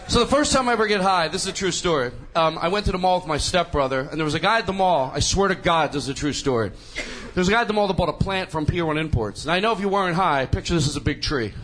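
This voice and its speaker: High-voiced giggly stand-up comic. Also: male voice, fast, a little hiss or hum. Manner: rambling, giggly, animated. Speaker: stand-up comedian. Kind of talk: stand-up routine.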